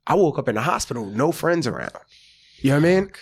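A man's voice: mid-range voice, sing-song, fast, husky. A man from the American South, an actor and comedian, telling a story in casual chat and acting out the quotes. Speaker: podcast guest, actor and comedian.

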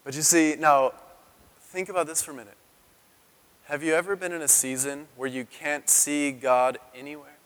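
Animated male pastor in a reverberant hall. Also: on the high side, normal speed, smooth. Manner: animated storytelling, acts out quotes with raised voice. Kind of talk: sermon.

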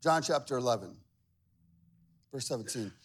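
A male pastor preaching a sermon, animated and conversational, with humor and acted-out quotes. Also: medium pitch, moderate pace, slightly rough. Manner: acts out quoted voices with big swings in loudness.

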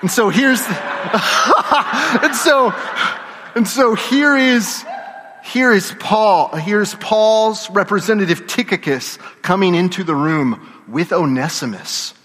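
Man, pastor, sermon, animated storyteller, slightly high voice, long church reverb. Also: slow pace. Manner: animated storytelling preacher, getting the congregation to shout responses.

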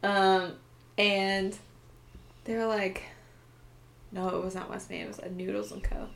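A woman's voice: mid-range voice, little pitch movement, unhurried, vocal fry. A woman co-hosting a podcast, speaking bluntly and swearing casually. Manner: blunt, swears freely, dry. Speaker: podcast co-host. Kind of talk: casual chat.

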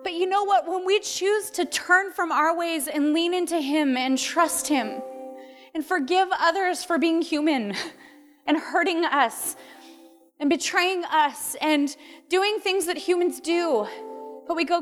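A middle-aged woman delivers a heartfelt sermon, her high voice carrying through a reverberant hall. Faint music plays beneath her words, and she often laughs or sounds close to tears. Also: animated, slow, fairly bright tone. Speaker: pastor.

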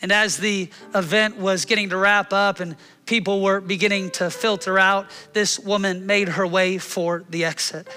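A man in his thirties preaching a sermon, telling a personal story and acting out the scenes with animated delivery. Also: high voice, clear, resonant tone, long reverb tail. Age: 30s. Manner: animated, acts out his own shouting in the story. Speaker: pastor.

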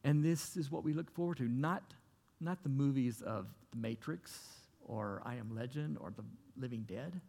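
Gravelly-voiced pastor preaching in a hall. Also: male voice, medium pitch, normal speed, mellow. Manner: earnest, conversational preaching with repeated phrases. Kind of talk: sermon.

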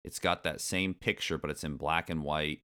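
A man's voice: very deep voice, fairly even intonation, moderate pace, pushed and bright. A man hosting a casual podcast, chatty and joking, often laughing and reading aloud with ironic asides. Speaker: podcast host.

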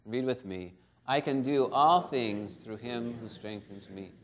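Speaking a little slowly at medium pitch, a middle-aged male pastor delivers a conversational sermon. He often asks "right?" and performs the quotes he relates.

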